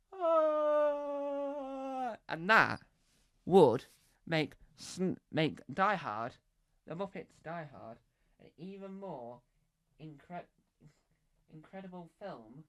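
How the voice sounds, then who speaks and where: Rambling, lively stand-up man. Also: fairly high pitch, dry recording, studio quality. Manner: rambling, full of fillers and restarts, playful. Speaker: stand-up comedian. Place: comedy club stage.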